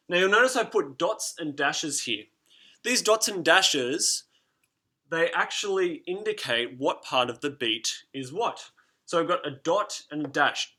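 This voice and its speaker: A young teacher talks his class through a lesson in a chatty, teasing way, beating out rhythms as he goes. His voice is bright and forward and sits a little high for a man. The delivery is relaxed and friendly throughout. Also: normal speed.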